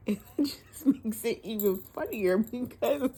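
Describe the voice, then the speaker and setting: Laughing, husky-voiced woman reviewing a book. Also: fairly high pitch, takes it slowly, mellow. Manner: laughs often, candid and profane. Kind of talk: casual book review vlog. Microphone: phone.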